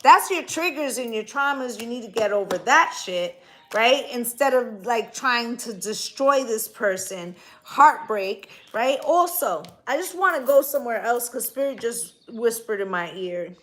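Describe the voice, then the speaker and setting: A woman with a fairly high, animated, slightly bright voice speaks a little slowly as she gives a tarot reading. She's casual, blunt and profane, stressing her points emphatically and tacking "right?" onto them again and again.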